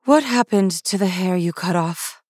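A woman reading the part of a stern queen mother who scolds her daughter through gritted teeth, in a clipped, measured way. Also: lowish voice, lively intonation, darkish tone, breathy edge, dry recording, studio quality. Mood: scolding.

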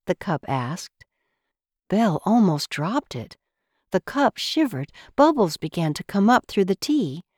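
A woman reading a storybook aloud, expressive and unhurried. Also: mid-range voice, no echo, studio quality. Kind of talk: storybook read-aloud narration.

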